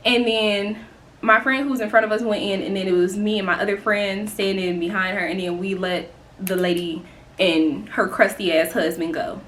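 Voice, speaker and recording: A young woman from Indiana with a Southern accent, telling a casual vlog story in an animated, swearing way. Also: medium pitch, a little hiss or hum. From Indiana, United States. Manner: animated, swears freely, quick to laugh. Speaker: vlogger.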